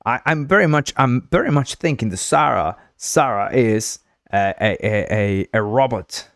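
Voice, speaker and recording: A man's voice: mid-range voice, animated, normal speed, fairly bright tone, dry recording, clean studio sound. A man from Uruguay hosting a casual livestream, rambling and joking, with frequent laughs and stumbling restarts. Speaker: livestream host.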